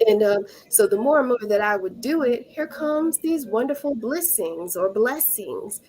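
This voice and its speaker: A woman's voice: fairly high pitch, lively intonation, a little slow, a little mellow, faint music behind. A woman around forty, a podcast guest sharing her experiences in casual, earnest interview talk and acting out the voices in her stories. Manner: earnest storytelling, acts out quoted dialogue. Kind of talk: casual spiritual interview chat.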